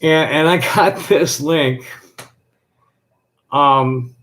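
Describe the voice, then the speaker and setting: A man hosting a live stream, reading a text aloud in a steady, rhythmic list cadence and then chatting loosely with restarts. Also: on the high side, very slow.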